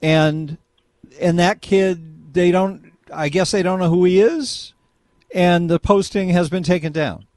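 A man hosting a call-in radio talk show, prodding his callers with quick, pointed questions. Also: high voice, a little mellow, dry recording.

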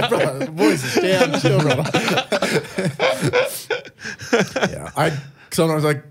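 A man's voice: high voice, sing-song, slow, a bit bright, husky. An Australian man co-hosting a podcast, chatting casually, rambling and crude, laughing often. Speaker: podcast co-host. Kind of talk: casual chat.

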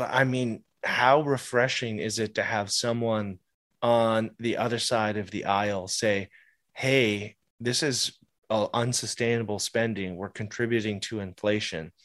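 A podcast co-host with a medium-pitched, slightly bright voice chats casually about politics, laughing often and restarting his sentences. The recording is dry with clean studio sound.

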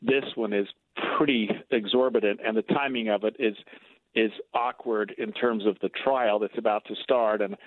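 A man who is a defense attorney, calling in as a guest and giving measured, explanatory answers. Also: lowish voice, steady tone. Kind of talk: phone-in interview. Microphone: phone. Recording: tinny phone line.

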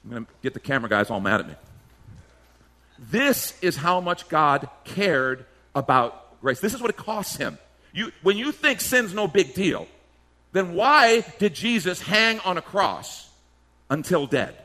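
A man's voice: high-pitched, sing-song, unhurried, sharp tone. A male pastor preaching a sermon emphatically, firing off rhetorical questions and slipping into mimicked voices.

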